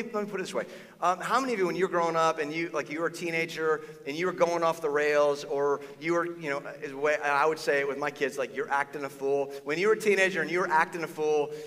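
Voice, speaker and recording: Animated male pastor in a reverberant hall. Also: a little high. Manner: conversational and animated, acting out quoted voices. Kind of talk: sermon. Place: church auditorium. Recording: long reverb of a church hall.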